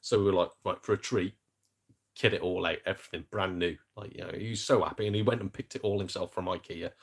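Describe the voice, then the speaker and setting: A man's voice: low voice, steady tone, fast. A man hosting a casual gaming live-stream chat, rambling and self-deprecating with jokes. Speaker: gaming YouTuber host.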